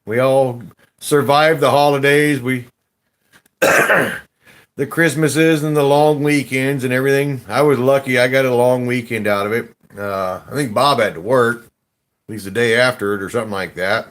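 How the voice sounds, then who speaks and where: A man hosting a casual gold panning chat, rambling in a slow, folksy drawl with slangy grammar, laughing often while drinking beer. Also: mid-range voice, fairly even intonation, a bit bright. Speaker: gold panning channel host.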